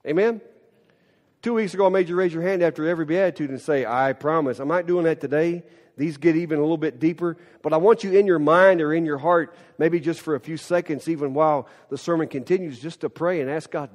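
Man, pastor, sermon, conversational preaching, asides to the congregation, fairly high voice, church hall reverb. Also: brisk. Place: church sanctuary.

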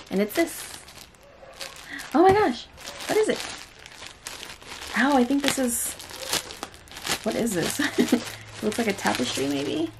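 A woman chats through an unboxing video. She is excitable and gushing, and she scatters fillers through her talk. Her voice has a gravelly, fry-laden texture, with a faint hiss of noise underneath. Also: medium pitch. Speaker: booktube host. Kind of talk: casual unboxing vlog.

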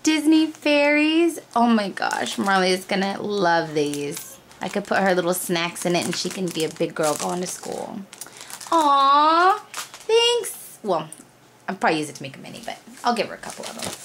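A young woman chatting to camera as she unboxes a crafting parcel, gushing and excitable, gasping and exclaiming over each item. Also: on the low side, brisk, a little hiss or hum. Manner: gushing and excitable, gasps and repeats "oh my gosh". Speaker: crafting vlogger. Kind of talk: casual unboxing chat to camera.

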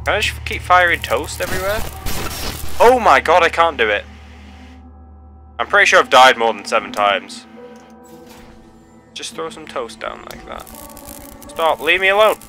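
A young man talks through a game as he plays it, yelping and pleading at the enemies on screen. His voice is bright and a little high. Faint game music plays underneath. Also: normal speed, long pauses. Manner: excitable, yelps and pleads at the game. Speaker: gaming channel host. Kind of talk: let's play commentary.

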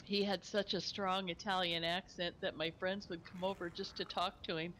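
A woman's voice: fairly low pitch, level tone, moderate pace, fairly bright tone, slight background noise. A woman streamer chatting casually while gaming with friends, telling stories and laughing easily.

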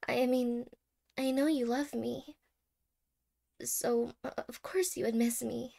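An ASMR role-play creator whispers as a clingy, anxious young girlfriend, heavily acted, stammering and apologizing repeatedly in an anxious, teary mood. Her voice is high with a gravelly fry, and she speaks slowly and softly with fairly even intonation.

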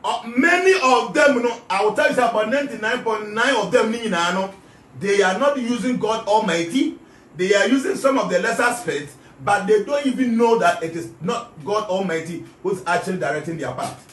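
A man's voice: high voice, expressive, normal speed, fairly bright tone, reverberant, distant mic. A man with a Ghanaian accent giving an emphatic spiritual talk, repeating his key phrases. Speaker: spiritual teacher.

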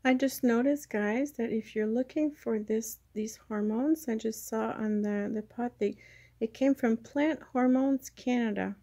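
Caring for her plants on camera, a chatty, mellow-voiced woman casually demonstrates propagation while working with her hands. Her voice is a little high and unhurried, somewhat hesitant, and the camera mic sits very close.

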